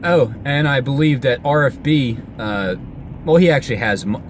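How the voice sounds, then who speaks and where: Talking at a normal speed, a man vlogs outside in a rambling, excitable monologue, his pitch leaping around. He keeps halting, starting over, and trailing off partway through sentences, while cars and street noise come through clearly behind him.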